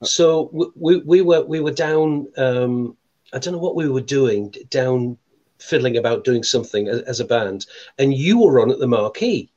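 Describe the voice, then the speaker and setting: Older guest musician, halting delivery with lots of ums. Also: male voice, medium pitch, lively intonation, a little mellow, dull audio. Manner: hesitant, many fillers and restarts. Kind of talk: casual chat.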